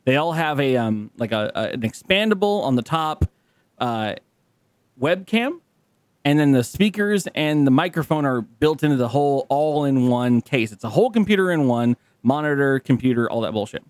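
A man's voice: medium pitch, lively intonation, normal speed, no echo, studio quality. Rambling, foul-mouthed young male podcaster. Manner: rambling storyteller who swears freely. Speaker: podcast co-host. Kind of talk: casual chat.

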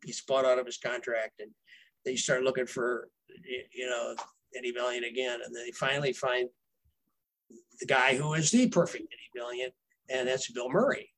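A man's voice: medium pitch, fairly even intonation, moderate pace, a bit bright, rough recording. A man, a novelist guest, telling casual behind-the-scenes stories in a rambling way, with fillers and restarts. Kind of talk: casual storytelling.

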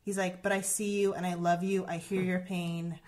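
A woman in her thirties tells a personal story in a relaxed conversation. She speaks earnestly and often restarts, leaning on "like" and "um". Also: lowish voice, normal speed. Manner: earnest, heavy use of "like" and "um", many restarts. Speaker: guest sharing a personal story.

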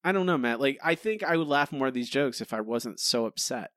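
A man co-hosting a podcast, talking in animated, exasperated runs and slipping into mock voices. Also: mid-range voice, fairly quick, dry recording, studio quality. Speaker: podcast co-host. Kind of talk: casual podcast chat.

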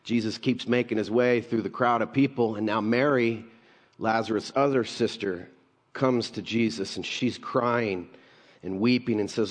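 A middle-aged man delivers a sermon with a somewhat low voice. He tells the story casually and slips in jokes and asides. His voice rings out with the long reverb of a church hall. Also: steady tone, moderate pace. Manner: conversational, jokey storytelling with laughs and asides. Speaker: pastor.

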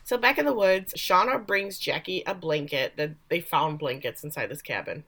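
A woman's voice: sits low, normal speed, fairly bright tone. A woman casually recapping a TV episode, acting out characters with big vocal swings. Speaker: podcast co-host.

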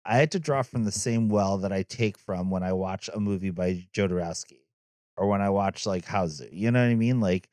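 A man's voice: low voice, a little fast, a little mellow, dry recording. Teasing, reflective male podcast co-host. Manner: teasing, reflective, lots of "like" and "you know what I mean". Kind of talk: casual film discussion.

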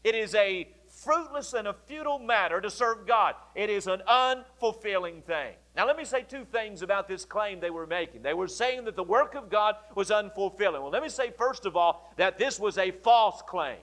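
A male pastor preaching a sermon, explaining scripture in a deliberate way and repeating key phrases. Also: sits high, lively intonation, fairly bright tone.

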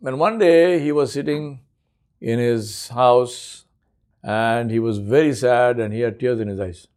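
A man's voice: mid-range voice, a little slow, darkish tone. A man preaching a sermon, telling a story earnestly and using frequent Arabic honorifics.

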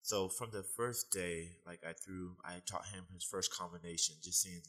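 A young man being interviewed, telling animated stories and laughing often in casual talk. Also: low voice, normal speed, poor audio. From United States. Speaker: guest, fitness trainer.

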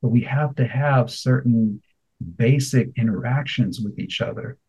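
A middle-aged man co-hosting a radio talk show, chatting and telling animated stories, sometimes slipping into a grandfatherly voice. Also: mid-range voice, measured pace, breathy edge, muffled recording. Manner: animated storyteller, slips into a warm grandfatherly voice. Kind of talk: casual chat.

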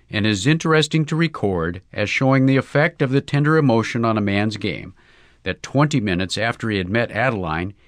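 Low-voiced man reading a story. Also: dry recording. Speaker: audiobook reader. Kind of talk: scripted narration.

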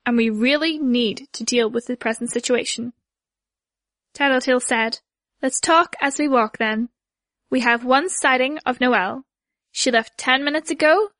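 A woman narrating a novel aloud in an even, unhurried reading voice. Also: sits high, dry recording. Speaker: audiobook narrator.

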